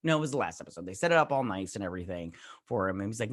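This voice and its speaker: A man's voice: lowish voice, expressive, very fast, no room sound. A man giving a casual, rambling spoken review of a TV episode, full of fillers and loose retellings of scenes. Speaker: YouTube reviewer.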